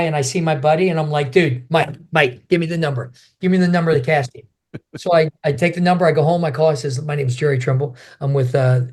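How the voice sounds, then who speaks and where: Animated older man telling a story. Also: on the high side. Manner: animated storyteller acting out quotes. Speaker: guest, martial artist and actor. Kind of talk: storytelling interview.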